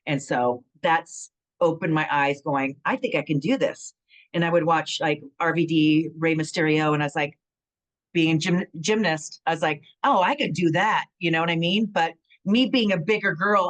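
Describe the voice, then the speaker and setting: A middle-aged woman from California telling stories in a relaxed interview, with a fairly low voice. She acts out what people said and fills her talk with "um" and "you know what I mean." Her delivery stays chatty and animated. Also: low-quality recording. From San Bernardino, California. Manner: animated storytelling, acts out quotes, frequent fillers. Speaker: guest, former pro wrestler. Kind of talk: casual interview chat.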